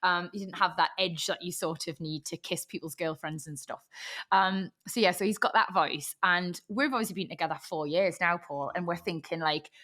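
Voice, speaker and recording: A woman's voice: fairly low pitch, normal speed, fairly bright tone. Chatty Geordie woman hosting a podcast. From North East England. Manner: chatty, swears freely. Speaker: podcast host. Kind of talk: casual chat.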